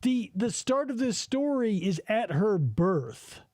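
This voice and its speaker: Sardonic male podcaster, high voice, dry close sound. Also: sing-song, slow, a little mellow, dry recording. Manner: profane, rambling, sardonic. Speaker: podcast host. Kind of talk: casual chat.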